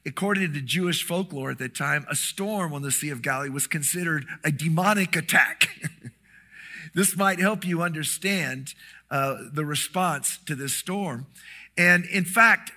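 A middle-aged man preaching a sermon, telling a story with lively animation and acting out the quoted lines. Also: a little high. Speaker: pastor.

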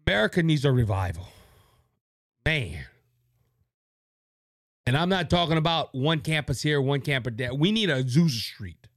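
A man's voice: a little high, animated, normal speed, pauses often, no room sound, clean studio sound. A man from Louisiana hosting his own podcast, speaking into a microphone in a fervent, preachy way and repeating words when worked up. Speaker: podcast host. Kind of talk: impassioned political podcast monologue. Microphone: studio microphone.

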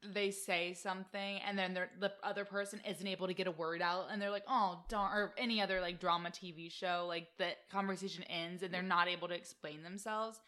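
Female co-host, bright and fairly low voice, chatty reality-TV recap. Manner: chatty, animated, quick asides and mock voices. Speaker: podcast co-host. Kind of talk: casual reality-TV recap chat.

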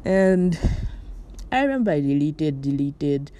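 A young Moroccan woman hosts a casual solo podcast from bed in a low, mellow, expressive voice, speaking a little slowly. Her chatter rambles along with plenty of "like," "you know," and light laughter.

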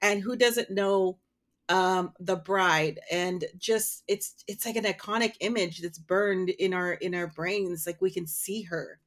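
A woman's voice: lowish voice, unhurried. A woman co-hosting a casual podcast chat, chatty and giggly, often trailing into fillers. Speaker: podcast co-host.

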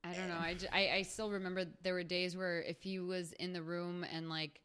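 A woman's voice: lowish voice, flat delivery, brisk, fairly bright tone, clear, resonant tone. A woman co-hosting a podcast in casual chat, telling stories animatedly and laughing often. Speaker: podcast co-host.

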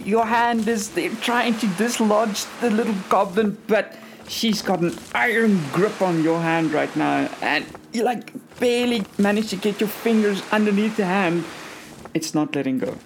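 A woman narrating a tabletop game as game master in a steady, descriptive way. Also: mid-range voice, measured pace, slight background noise.

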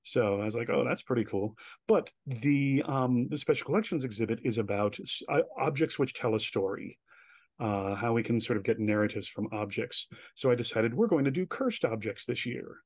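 A man guest telling stories in a casual interview, chatty and animated, with many filler words. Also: medium pitch, moderate pace, no room sound. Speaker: guest, director and writer.

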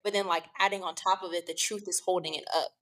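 A woman's voice: on the low side, steady tone, quick pace, fairly bright tone, poor audio. A young woman hosting a podcast, talking casually and peppering her speech with "like". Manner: casual, filler-heavy with "like". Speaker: podcast host.

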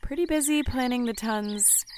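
Woman, sketch-comedy lead, somewhat high voice, awkward and self-aware. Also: moderate pace, a little mellow, slight background noise. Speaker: lead comic character.

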